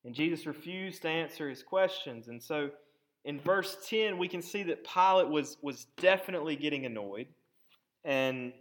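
A pastor giving a sermon, preaching with emphasis and dramatic pauses, and repeating words as he presses a point. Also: on the high side, animated.

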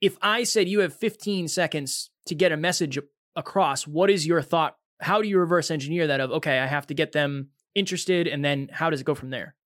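Higher-voiced male podcast host, dry sound. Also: brisk, hardly any pauses, fairly bright tone, no room sound. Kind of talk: interview questions.

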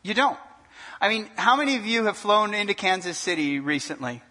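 A male pastor preaching a sermon in an animated way, asking the congregation questions and joking. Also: sits high, brisk. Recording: long hall reverb.

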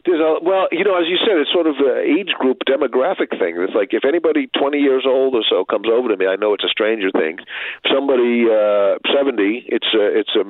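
A man's voice: mid-range voice, quick pace, no room sound. An older man, a guest on a talk show, telling stories in casual chat with dry, self-deprecating jokes. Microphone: phone line. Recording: tinny phone line.

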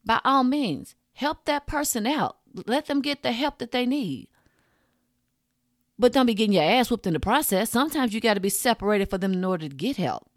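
A woman's voice: fairly high pitch, animated, moderate pace, no room sound, clean studio sound. Blunt, profane woman podcast host. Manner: frank, profane, rants with punchy asides. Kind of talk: blunt casual monologue.

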